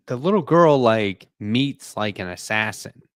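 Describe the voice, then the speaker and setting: A man co-hosting a casual podcast chat, animated and joking. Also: lowish voice, a little slow, no echo, clean studio sound. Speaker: podcast co-host.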